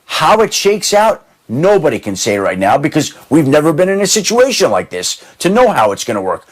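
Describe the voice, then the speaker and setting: A man talking as a sports analyst, weighing possibilities in a measured way with a few restarts. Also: fairly high pitch, wildly swooping pitch. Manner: measured, thinking aloud with restarts. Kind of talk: studio sports talk.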